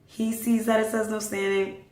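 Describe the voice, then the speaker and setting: A woman hosting a podcast, telling stories casually in an animated way, acting out the dialogue and dropping into hushed asides. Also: mid-range voice, normal speed. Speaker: podcast host. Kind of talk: casual storytelling. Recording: roomy echo.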